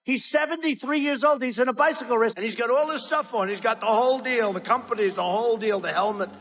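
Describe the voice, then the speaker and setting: A man's voice: very high voice, fast, fairly bright tone. An older man giving a blunt, repetitive rally speech with mocking asides, recorded in a large arena. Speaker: political candidate speaking at rallies. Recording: hall reverb with crowd noise.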